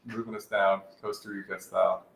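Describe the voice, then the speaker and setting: A laid-back man shares his experience as a guest, speaking loosely and restarting his sentences. His voice is on the low side. It is heard in a very echoey room with a faint hum of noise behind. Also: little pitch movement, fairly quick, creaky. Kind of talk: conversational testimony.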